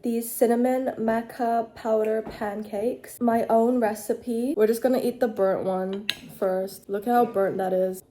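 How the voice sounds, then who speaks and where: A woman's voice: fairly high pitch, fairly even intonation, unhurried, few pauses, warm tone. Chatty young woman cooking vlogger. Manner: chatty, talks to viewers while cooking and eating. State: sleep deprived, slurring slightly. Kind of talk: casual cooking vlog narration.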